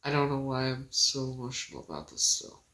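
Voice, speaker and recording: A woman livestreaming casually on her phone, talking in an emotional, halting way with many pauses and restarts. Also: extremely low pitch, sing-song, fairly bright tone, reverberant.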